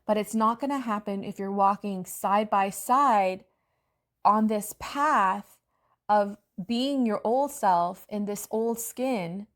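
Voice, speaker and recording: A woman coach giving an earnest, reflective motivational talk with a spiritual bent. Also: mid-range voice.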